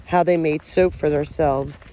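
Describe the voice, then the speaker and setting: With a low, steady, warm voice and a measured pace, this woman speaks over a little hiss or hum. She's a paranormal vlogger in the woods, rambling casually to camera, often unsure and restarting her sentences.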